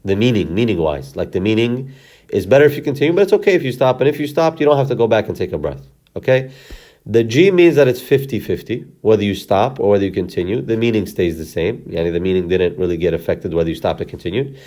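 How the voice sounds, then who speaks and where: A man's voice: on the low side, expressive, fast, mellow. A man teaching how to read and recite the Quran, explaining the stop symbols patiently step by step and often checking in with "okay?". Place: recorded lesson video.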